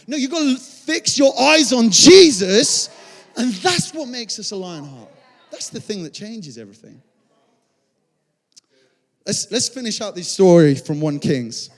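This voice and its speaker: In the reverberant hall of a church auditorium, a male pastor with a high voice preaches passionately yet conversationally, often starting phrases over. He is very animated but unhurried.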